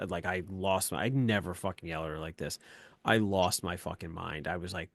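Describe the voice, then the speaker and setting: A man's voice: deep voice, normal speed, fairly bright tone, dry recording. A middle-aged man, a podcast co-host, telling a heated story full of profanity in casual chat.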